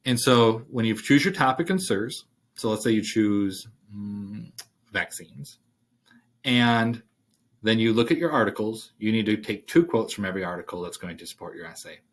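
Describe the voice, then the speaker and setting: A male writing instructor talks through a worksheet in a relaxed, thinking-aloud way, with plenty of fillers along the way. His voice sits on the low side. Keyboard typing can be heard behind him. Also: moderate pace. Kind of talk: screen-share worksheet walkthrough.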